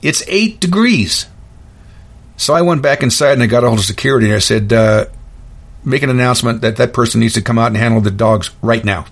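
Blunt, gruff male podcast host. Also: medium pitch, fairly even intonation, fast talker. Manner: blunt, opinionated storytelling. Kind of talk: casual monologue.

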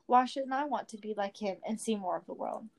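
A woman's voice: medium pitch, a little fast, lightly acted. A woman reading the lines of a spirited young hobbit girl in a storybook, with a bold, teasing delivery.

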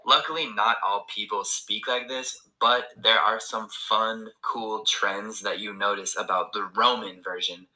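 Bright-voiced man explaining language slang. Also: fairly low pitch, steady tone, measured pace, few pauses, poor audio. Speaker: language video presenter. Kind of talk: explainer video clip.

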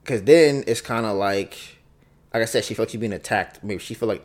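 This podcast host is a man with a lowish voice who speaks at a moderate pace. Alone at the mic, he thinks aloud in a casual, reflective monologue, frequently restating things and acting out both sides of an argument.

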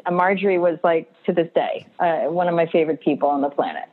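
Woman, guest on a chat show, animated storyteller, laughs a lot, lowish voice, tinny phone-like sound. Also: quick pace. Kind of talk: casual interview chat.

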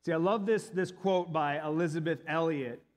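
A man's voice: a little high, moderate pace. A male pastor in his thirties or forties giving a sermon, telling a personal story earnestly and building to emphatic peaks.

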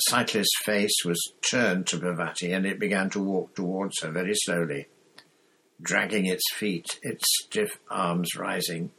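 A man reading a story aloud as narrator, in a measured, deliberate way. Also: deep voice, fairly bright tone, husky, low-quality recording. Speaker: audiobook narrator.

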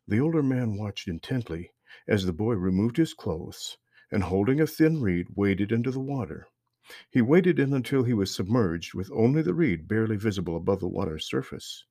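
Podcast narrator: man, low husky voice, calm and measured, dry close sound. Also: dry recording. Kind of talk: scripted story narration.

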